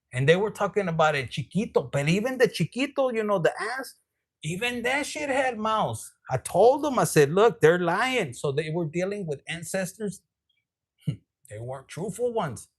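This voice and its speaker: Sassy, high-voiced man. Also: slightly rough. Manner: profane, sassy and rambling. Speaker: tarot reader. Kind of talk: casual tarot reading.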